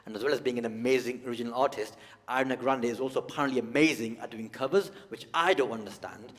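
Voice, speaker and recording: A man's voice: medium pitch, fast. A stand-up comedian, a man, talking conversationally and teasing the audience on a large theatre stage. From United Kingdom. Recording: long hall reverb.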